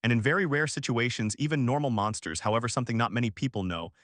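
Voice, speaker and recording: A man's voice: mid-range voice, fast, fairly bright tone, no room sound, studio quality, natural voice. A man voicing a cunning young hero who has lived through the same game many times, talking in a cool, matter-of-fact inner monologue. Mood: explaining. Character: cunning young man, a calm time-looper.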